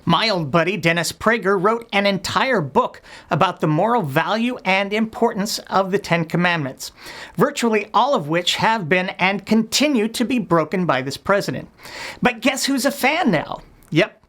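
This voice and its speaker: Woman, satirical web host, scripted rant, sarcastic, scornful, blunt, profane, mid-pitched voice. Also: a bit bright.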